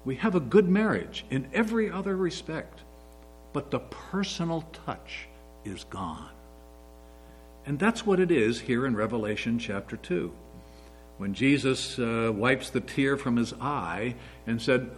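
A man's voice: mid-range voice, lively intonation, unhurried, faint music behind, poor audio. A man in his sixties giving an earnest, story-filled sermon as a pastor. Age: 60s.

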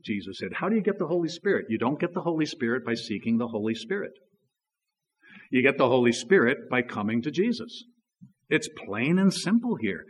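A man preaching a sermon in a relaxed, conversational way, telling stories with frequent "you know" asides. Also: mid-range voice, breathy edge, long reverb tail. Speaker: pastor.

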